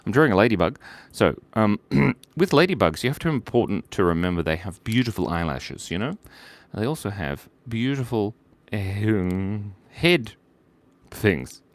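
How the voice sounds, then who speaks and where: Playful chatty man with a lively pitch. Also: normal speed. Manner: playful, chatty, reads viewer requests aloud. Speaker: live-stream artist. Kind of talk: casual live drawing chat.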